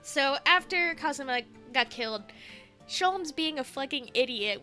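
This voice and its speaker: A woman's voice: sits high, expressive, unhurried, bright, forceful tone, faint music behind. A woman streamer chatting casually with a friend, rambling and giggly as she recaps a game's story. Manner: giggly, rambling, swears freely. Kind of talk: casual let's-play chat.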